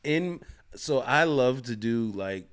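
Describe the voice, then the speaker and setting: A man's voice: medium pitch, expressive, slow pace, clean tone. A man, chatting casually and laughing while he reacts to a comedy clip. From Georgia, US. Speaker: reaction video host.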